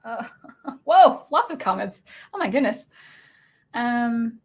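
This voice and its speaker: A woman's voice: on the high side, big pitch swings, takes it slowly, breathy edge. A young woman from Washington state hosting a casual livestream, chatting in a rambling way with many fillers and restarts. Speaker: livestream host.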